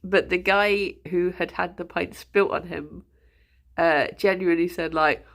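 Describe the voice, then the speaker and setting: A woman's voice: on the low side, steady tone, a little slow, gravelly. A woman streaming, chatting casually and laughing often between fillers. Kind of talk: casual chat.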